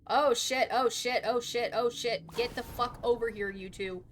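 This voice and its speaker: A young adult woman streaming a game live, chatting casually and swearing constantly, with loud outbursts. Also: fairly high pitch, steady tone, moderate pace, background noise. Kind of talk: casual gaming livestream chat.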